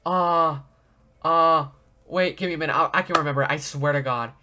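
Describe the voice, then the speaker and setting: Excitable bright-voiced male gamer. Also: on the high side, moderate pace, slight background noise. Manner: excitable, loud, laughing, reads dialogue aloud. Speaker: gaming video creator. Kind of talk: let's play commentary.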